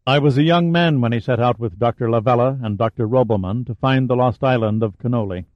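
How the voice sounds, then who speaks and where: A man voicing a menacing giant man who speaks in a quiet, cold, deliberate way. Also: medium pitch, no room sound, muffled recording, lightly acted. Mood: measured.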